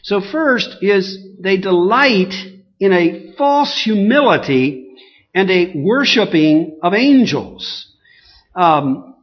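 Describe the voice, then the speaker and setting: A man preaching a sermon in an emphatic, repetitive way, often digressing with fillers. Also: sits high. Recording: dull lo-fi recording.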